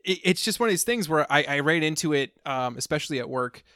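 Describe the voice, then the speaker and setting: A man co-hosting a podcast, telling a story in a rambling, animated way with frequent restarts. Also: a little high, quick pace, dry recording, clean studio sound. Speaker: podcast co-host. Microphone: close podcast mic, sometimes leaning away.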